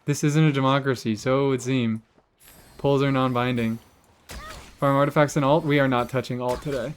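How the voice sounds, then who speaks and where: A man's voice: medium pitch, steady tone, normal speed, slight background noise. A young man chatting casually with his chat while streaming a game, sarcastic and swearing freely.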